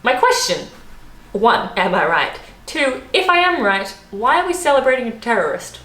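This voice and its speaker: An Australian woman in her thirties chatting casually to camera in a vlog, animated and quick to laugh. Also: fairly high pitch. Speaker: travel vlogger. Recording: roomy echo.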